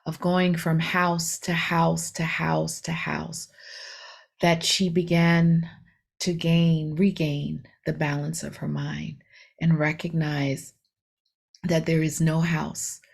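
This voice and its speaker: A woman's voice: sits low, gravelly, husky. A woman meditation teacher giving a reflective dharma talk, retelling a story with many fillers, self-corrections and rhetorical questions.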